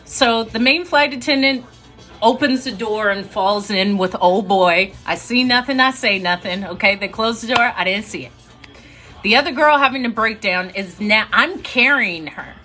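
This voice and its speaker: Bright, chatty young woman storyteller. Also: a little high, moderate pace, soft background music. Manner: chatty, animated, breaks into laughs. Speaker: storyteller on a live stream. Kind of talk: casual storytelling to a live audience.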